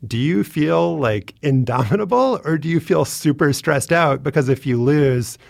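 A man hosts a podcast in a chatty, easygoing way, his mid-range voice carrying a gravelly fry. The sound is close and dry. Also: fairly high pitch, animated, moderate pace, no room sound. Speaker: podcast host. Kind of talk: casual podcast interview.

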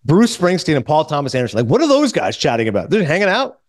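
A middle-aged man hosting a podcast, telling a story in casual chat and quoting people in quick back-and-forth. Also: fairly high pitch, no echo, studio quality. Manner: animated, quotes others in quick back-and-forth. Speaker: podcast host.

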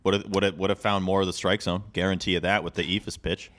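A man co-hosting a casual sports podcast, animated and jokey, slipping into bits of mock outrage. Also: sits low, fast talker. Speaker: podcast co-host.

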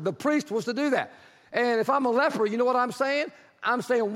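A man preaching a sermon, telling Bible stories in an animated way, acting out the people in them and rising into shouts at points. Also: very high voice, normal speed. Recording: long hall reverb.

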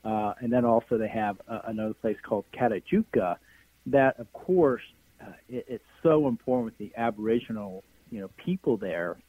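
A man's voice: on the low side, moderate pace, dry recording. A man guest on a phone-in interview, talking enthusiastically with many fillers and trailing phrases. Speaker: guest, energy healer. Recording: tinny phone line, dry.

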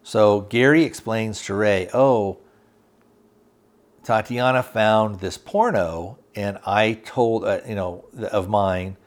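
A man hosting a podcast who casually retells a TV episode's plot, rambling and halting with many fillers. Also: fairly low pitch. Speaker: podcast host reviewing a TV series.

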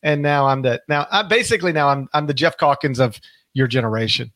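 Brisk and a bit bright at medium pitch, this middle-aged man hosts a podcast in a casual style. He wanders off topic, catches and fixes his own words, and leans hard on important terms, all recorded without room sound.

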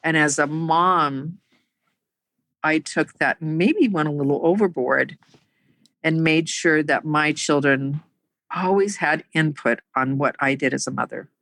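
A middle-aged woman telling her own life story in a halting, earnest way, with many pauses and fillers. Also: sits low, fairly bright tone, dry recording, rough recording. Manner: earnest and emotional. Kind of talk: personal storytelling.

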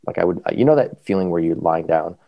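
Male podcast guest, deep rough voice, rapid casual storytelling, dry close sound. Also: no room sound, muffled recording. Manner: animated, quick, full of fillers.

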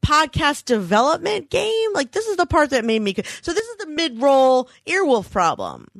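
In clean studio sound with no room ambience, a woman with a creaky voice chats at a moderate pace as a podcast co-host. Her storytelling is animated, and she performs the quotes with dramatic pitch leaps.

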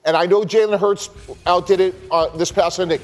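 Man, former player, sports analyst, high voice, measured, stats. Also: steady tone. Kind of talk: sports debate show.

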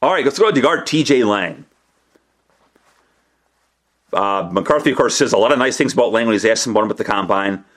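A man's voice: fairly low pitch, lively intonation, a little fast, pauses often, fairly bright tone. A man hosting a casual sports talk monologue, rambling and correcting himself as he talks through the market for players. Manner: rambling, self-correcting, conversational. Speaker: sports reporter and podcast host.

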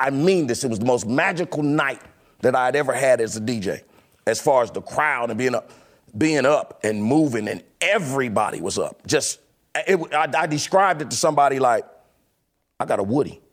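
A man telling a personal story about his years as a club DJ in a lively, casual way, often acting out the voices of the people in it. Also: medium pitch. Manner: animated, laughing, acts out quoted voices.

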